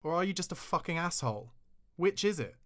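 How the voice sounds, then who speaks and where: A man voicing an indignant, sharp-tongued woman from the American South, firing off raised, clipped retorts. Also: high-pitched, sing-song, brisk, pitched above the performer's own voice.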